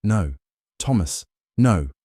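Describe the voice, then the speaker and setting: A man's voice: sits low, expressive, moderate pace, dark tone, no room sound, studio quality. Stubborn hurt young worker, read by a man. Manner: strained, stubborn.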